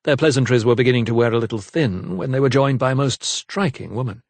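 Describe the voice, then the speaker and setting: A man narrates an audiobook from a script, telling the story in a measured, even way on a close studio mic. His voice is mid-range, with no room sound.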